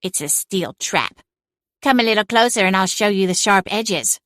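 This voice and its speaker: A woman's voice: mid-range voice, animated, normal speed, fairly bright tone, dry recording, close to an everyday voice. A woman voicing an ageless, sardonic female cat familiar who scoffs and speaks dryly in a cozy audiobook. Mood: menacing. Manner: dry, scoffing, sarcastic.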